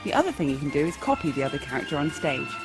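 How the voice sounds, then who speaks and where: A woman with a deep voice races through a scripted improv comedy lesson, with music underneath. She teaches playfully and with energy, leaping into different character voices.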